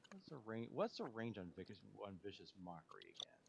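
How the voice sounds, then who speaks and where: A man's voice: lowish voice, wildly swooping pitch, fast, creaky, background noise. Hesitant man thinking aloud at a game. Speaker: player. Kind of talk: playing a tabletop game over voice chat.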